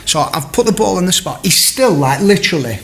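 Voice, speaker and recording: Welsh man telling a lively story. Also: sits high, fairly quick. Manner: animated storyteller, acts out both sides of an argument, chuckling. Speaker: former footballer telling a story. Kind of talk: casual anecdote on a podcast.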